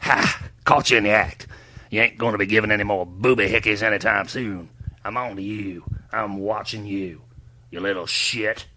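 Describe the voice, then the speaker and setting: A man voicing a loud, bigoted Texan author who brags and insults everyone, with a gravelly drawl. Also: lowish voice, steady tone, moderate pace. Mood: belligerent. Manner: brash, hollering.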